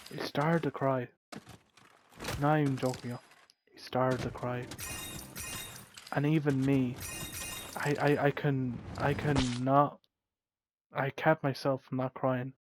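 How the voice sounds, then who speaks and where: A man slowly telling a heartfelt story in an earnest way, often repeating his phrases. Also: medium pitch, flat delivery, background noise. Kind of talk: storytelling monologue over gameplay.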